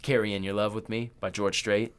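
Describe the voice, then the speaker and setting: Laid-back low-voiced joking man. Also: flat delivery, normal speed, clear, resonant tone. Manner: loose, profane, joking, puts on voices in retellings. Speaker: podcast co-host. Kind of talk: casual chat.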